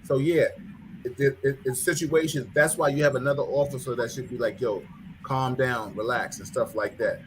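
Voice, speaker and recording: A man's voice: mid-range voice, fairly even intonation, a little fast, a little hiss or hum. A man co-hosting a talk show who keeps cutting in and repeats words as he tries to make his point. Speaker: podcast co-host.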